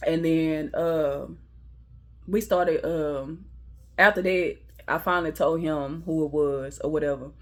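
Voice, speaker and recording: A woman's voice: deep voice, unhurried. A young woman tells a casual storytime. She swears freely and acts out the quotes. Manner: animated, laughing, profane, acting out quotes.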